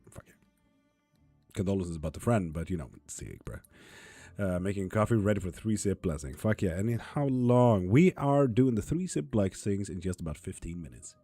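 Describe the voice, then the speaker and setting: A man's voice: deep voice, mellow, breathy edge, no echo. A man reading viewer comments aloud and answering them in a casual livestream, swearing now and then. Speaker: tarot reader streaming live.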